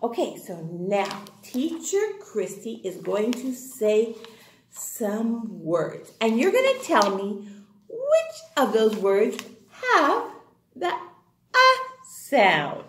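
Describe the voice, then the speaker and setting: Woman, kindergarten teacher, slow sing-song, very lively pitch, echoey room. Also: slight background noise. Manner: sing-song, exaggerated and enthusiastic, with chants and animal sounds. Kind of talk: phonics lesson for young children.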